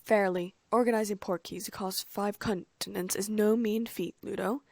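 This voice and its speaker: A woman's voice: medium pitch, fairly even intonation, brisk, darkish tone, dry recording, lightly acted. A woman voicing a stiff, rule-bound male official who speaks curtly and with dry sarcasm. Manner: curt and dryly sarcastic. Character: stiff, strict older male ministry official.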